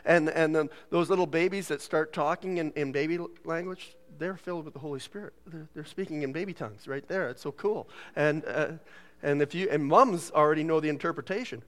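A man's voice: a little high, a little fast, a bit bright. A man preaching a sermon in a church, joking and laughing often and putting on voices when he quotes people. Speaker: pastor. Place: church sanctuary.

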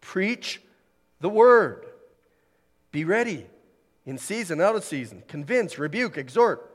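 A man preaching a sermon, swinging from loud emphatic declarations to hushed, near-whispered lines. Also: high voice, big pitch swings, slow. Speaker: pastor. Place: church hall. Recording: long hall reverb.

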